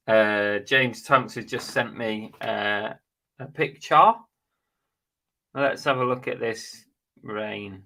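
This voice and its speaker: A man's voice: on the low side, creaky, pushed and bright. A man hosting a casual live stream, chatting bluntly and jokily while reading out viewer comments.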